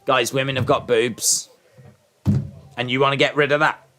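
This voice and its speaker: A man's voice: mid-range voice, fairly even intonation, moderate pace, fairly bright tone, soft background music. A man hosting a live wrestling watch-along, chatting and answering his viewers in rambling asides. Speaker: livestream host.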